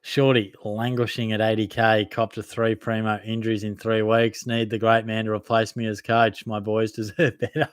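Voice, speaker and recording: A man's voice: lowish voice, flat delivery, normal speed, hardly any pauses, smooth, no room sound, studio quality. A young man with an Australian accent hosting a live Q&A, reading out viewer comments and answering in a casual, matey way, often laughing at himself. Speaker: fantasy football podcast host.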